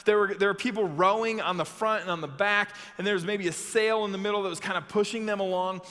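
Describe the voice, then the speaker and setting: A young male youth pastor tells a Bible story with animated energy, jumping into the characters' lines. His voice is high and sharply bright. Long reverb of a hall trails behind him. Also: fast talker. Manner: animated, acts out the story with shouted quotes. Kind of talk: youth sermon with Bible reading.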